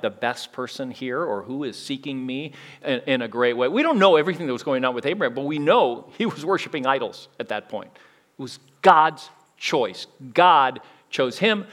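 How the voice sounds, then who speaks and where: A man preaching a sermon in a conversational way, with frequent restarts and big swings between loud emphasis and quiet asides. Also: mid-range voice. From United States. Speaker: pastor.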